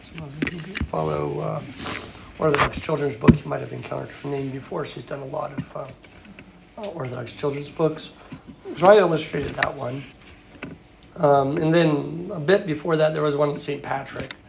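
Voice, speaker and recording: A man's voice: on the high side, fairly even intonation, normal speed, vocal fry, background noise. A man giving an informal talk and answering questions, rambling and full of anecdotes. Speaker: guest speaker answering questions.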